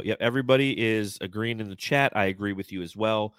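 A man's voice: on the low side, fast talker, a bit bright, clear, resonant tone, no echo, clean studio sound. A man hosting a casual sports podcast, reading out fan comments and laughing often. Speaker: podcast host.

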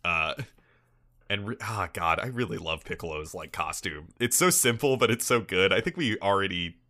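Man, lowish pitch, bright forceful tone, casual podcast chat, laughs a lot, swears, rambling. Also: expressive, moderate pace. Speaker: podcast co-host. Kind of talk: casual chat reviewing an anime episode.

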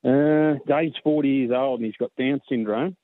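A man's voice: mid-range voice, normal speed, no room sound. Australian man calling in on a tinny phone line. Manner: heartfelt, gets emotional. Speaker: caller. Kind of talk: casual phone-in chat.

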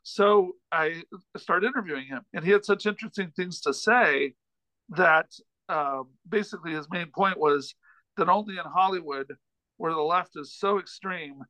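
A man with a high, sharp voice tells a long, rambling anecdote, stumbling into restarts and self-deprecating asides. The sound is dry and close, with no room around it. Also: moderate pace, dry recording, poor audio. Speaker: podcast guest, comedian and author. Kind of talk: casual storytelling in a chat.

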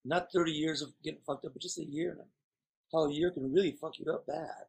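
A man's voice: on the high side, fairly even intonation, fast talker, vocal fry, a little mellow, husky. A man chatting as a guest, telling rambling, candid stories in a playful way. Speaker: guest performer. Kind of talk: casual chat.

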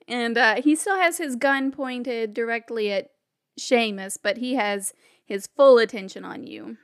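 A woman's voice: fairly high pitch, unhurried. A woman narrating a tabletop western game as game master, describing scenes with frequent fillers.

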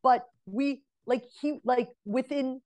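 Woman in her forties, somewhat high voice, chatty storytelling, earnest advice to women. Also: slow pace, dark tone. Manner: earnest, advice-giving, appeals directly to women listeners. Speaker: interview guest, relationship mentor. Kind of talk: casual conversational storytelling.

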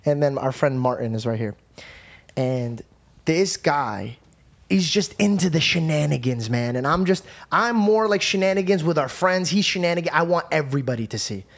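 A young man hosting a podcast, telling a story in casual, animated chat, swearing freely and calling people "bro". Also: a little high, normal speed, gravelly. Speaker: podcast host.

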